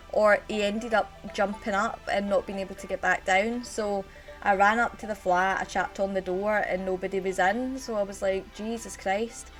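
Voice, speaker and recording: A woman with a Scottish accent chatting on a live stream, telling a rambling story and greeting her chat viewers as she goes. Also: mid-range voice.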